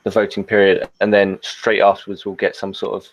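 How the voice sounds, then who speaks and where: Low-voiced man explaining calmly. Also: rough recording. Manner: calm, explains with "um" pauses. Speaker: participant in a group call. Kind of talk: casual chat.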